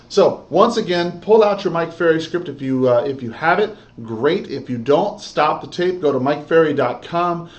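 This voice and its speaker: A man giving an emphatic sales training lesson, often checking in with "okay?" and "all right?". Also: on the high side. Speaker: real estate sales trainer. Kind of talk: instructional talk. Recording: dull lo-fi recording.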